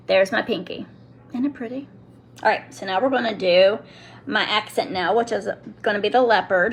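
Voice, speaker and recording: A woman's voice: medium pitch, moderate pace, slight background noise. A middle-aged woman chatting casually while demonstrating a product to viewers, often breaking off mid-sentence. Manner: chatty, self-interrupting, talks to viewers and kids. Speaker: nail product seller demonstrating on a live stream.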